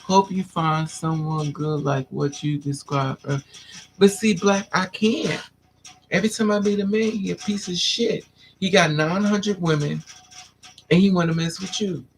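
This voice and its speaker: A woman's voice: measured pace, slight background noise. A woman hosting a candid livestream monologue, sassy and blunt, peppering her stories with "honey" and "child" and jumping into dramatic put-on voices. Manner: animated, swings into dramatic high-pitched put-on voices for others. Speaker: livestream host.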